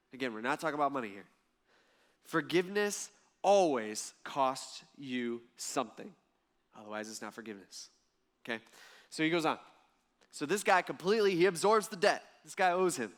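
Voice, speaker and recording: High-voiced lively male preacher. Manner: lively storytelling preacher, acts out voices in the parable. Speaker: pastor. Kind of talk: sermon.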